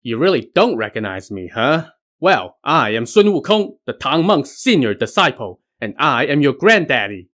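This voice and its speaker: Brash, mocking monkey trickster hero, played by a male narrator in a storybook tale, lively delivery. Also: medium pitch, normal speed.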